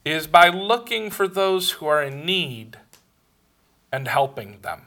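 Man, sermon, bright tone, slightly high pitch, storytelling with laughs. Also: slow pace. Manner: storytelling with laughs, animated quoted dialogue. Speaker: pastor.

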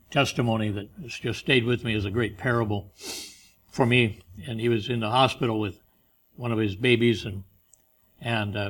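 A man preaching a sermon, pressing key phrases slowly and loudly, then dropping quiet for stories. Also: medium pitch. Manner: emphatic, slows and rises on key phrases, drops soft for stories.

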